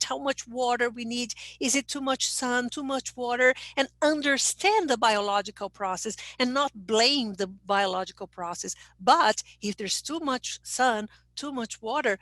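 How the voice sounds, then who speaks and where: Brazilian lady teacher on a video call, kinda high voice, upbeat, keeps asking okay?, dry sound. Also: fairly bright tone, no room sound. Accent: Brazilian Portuguese. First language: Portuguese. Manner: encouraging, checks understanding with frequent "okay?". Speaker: English teacher presenting. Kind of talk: online presentation with chat.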